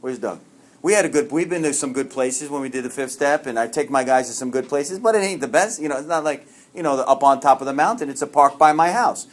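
A man sharing a personal recovery story at a meeting, swinging between loud bursts and quiet asides. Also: medium pitch, quick pace.

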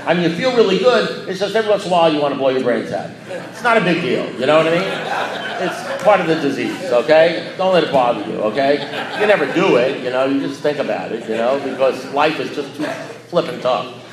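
A man's voice: a little high, animated, brisk, crowd noise. A man giving an unprepared talk at a recovery meeting, rambling and conversational with blunt, darkly joking asides. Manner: rambling and conversational, many "you know"s. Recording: echoey room.

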